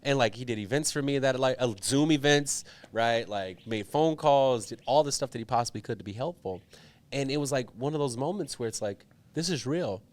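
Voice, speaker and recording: A young man speaks as a political guest in a relaxed interview. His telling is earnest and animated, full of "like" and "right". His pitch sits at an ordinary middle level for a man. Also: a little fast. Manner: earnest, animated storytelling with many fillers. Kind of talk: storytelling interview.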